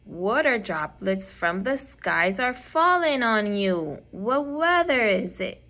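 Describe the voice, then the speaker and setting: Woman preschool teacher, very slow and clear, encouraging. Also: medium pitch, sing-song, a bit bright. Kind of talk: lesson and read-aloud for young children.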